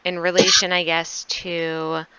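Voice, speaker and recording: A woman's voice: fairly low pitch, little pitch movement, slow pace, sharp tone, clean tone, poor audio. A woman running a tabletop game as game master, narrating and checking details.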